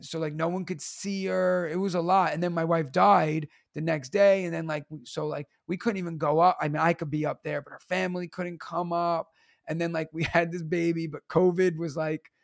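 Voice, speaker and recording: A man's voice: fairly high pitch, normal speed, vocal fry. A man in his thirties, a teacher and comedian, telling stories in a casual podcast chat, acting out quotes and laughing often. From New York. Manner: animated storytelling, acts out quotes, laughs often.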